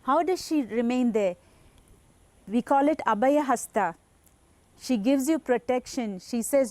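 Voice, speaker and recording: A woman's voice: on the high side, measured pace, a little mellow, no echo. A woman giving an earnest, reverent devotional teaching talk as a spiritual teacher.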